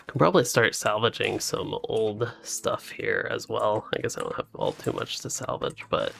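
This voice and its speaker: A man's voice: lowish voice, normal speed, vocal fry, hardly any pauses, slight background noise. A man streaming a co-op survival game, chatting casually and rambling between tasks, with frequent laughs and a late-night sleepiness. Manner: relaxed, rambling, laughs often. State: sleepy, yawning. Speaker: gaming streamer. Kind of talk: casual co-op gameplay chat.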